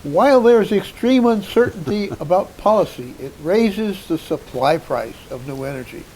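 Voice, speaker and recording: Male co-host with a high voice, casual headline reader, light background hiss. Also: lively intonation, normal speed, a little mellow, poor audio. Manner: reads headlines aloud, brief comments. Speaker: co-host and engineer. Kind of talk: casual news discussion. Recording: faint hiss.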